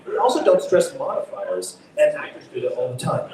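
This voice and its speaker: A man's voice: a little high, wildly swooping pitch, brisk. A middle-aged man, an acting teacher and director, explaining his craft in a casual live talk show interview, thoughtful and emphatic when he demonstrates stressed words. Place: underground market stage. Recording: echoey public space, distant mic, faint noise.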